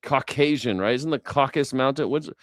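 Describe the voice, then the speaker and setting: A man's voice: mid-range voice, fairly quick, no room sound, studio quality. A man hosting a news reaction show, riffing sarcastically in rambling, profane commentary. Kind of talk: casual comedic commentary.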